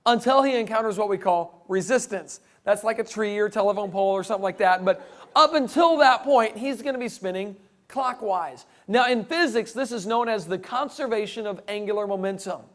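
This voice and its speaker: A man giving a humorous talk to a live audience, full of jokes and playful asides. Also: extremely high pitch. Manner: joking, animated, playful asides. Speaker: creationist speaker.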